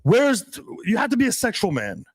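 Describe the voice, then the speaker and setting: Animated, profane male dating coach. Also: extremely high pitch, moderate pace, husky, dry recording. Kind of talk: casual podcast chat.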